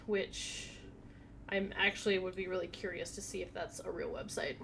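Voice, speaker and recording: A woman's voice: lowish voice, flat delivery, moderate pace, gravelly, fairly bright tone, slight background noise. A woman streaming a video game at home, chatting casually, reading text aloud and talking to her cat. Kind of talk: casual live gameplay commentary.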